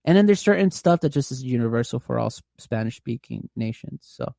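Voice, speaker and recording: A man from California chats as a podcast guest. He tells a long, meandering story packed with "like" fillers. His voice is mellow and dark, and it sounds dry and close to the mic. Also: mid-range voice, expressive, a little fast, vocal fry, dry recording. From California, USA. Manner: rambling storyteller, heavy use of "like", laughs often. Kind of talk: casual chat.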